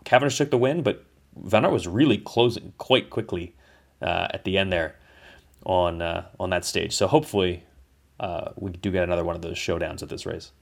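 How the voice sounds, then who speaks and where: Deep-voiced man analyzing a race. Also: moderate pace, vocal fry. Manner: thoughtful, hedging, many restarts. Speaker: podcast host. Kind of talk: casual cycling race analysis. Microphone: remote call.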